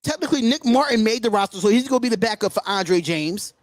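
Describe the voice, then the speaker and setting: A high-pitched man hosting a live sports call-in show, worked up and indignant, hammering the same points again and again. The sound is dry and close, with no room around it. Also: animated, quick pace, dry recording. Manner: indignant, emphatic, repeats himself. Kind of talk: sports talk livestream rant.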